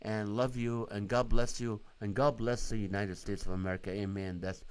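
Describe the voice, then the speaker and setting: A man's voice: lowish voice, flat delivery, normal speed, clear, resonant tone. Earnest man preaching on a live stream. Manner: earnest, exhorting, asks many rhetorical questions. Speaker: host of a live Christian stream.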